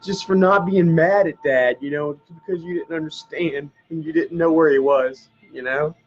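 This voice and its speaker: A middle-aged man with a drawl tells a family memory to his camera, his voice a bit higher than most men's. He rambles, swears casually and laughs through tears. The dull, lo-fi camera audio makes the whole recording sound muffled. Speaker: vlogger. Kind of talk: emotional personal storytelling to camera.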